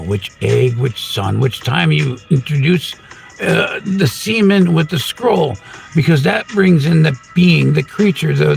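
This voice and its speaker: A man hosting his own channel, delivering a rambling spiritual monologue full of wordplay and rhymes, with sudden loud bursts. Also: a little high, vocal fry. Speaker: channel host.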